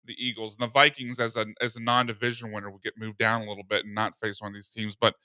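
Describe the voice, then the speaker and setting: A man hosting a casual sports radio talk show, joking and animated as he debates football picks. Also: on the low side, quick pace, no room sound. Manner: joking, animated, laughs often.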